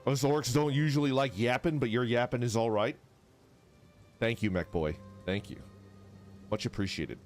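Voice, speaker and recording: This man, streaming live over soft background music, speaks at a moderate pace in a mid-range voice and pauses often. He chats casually and energetically with viewers, reading their messages aloud and swearing without restraint.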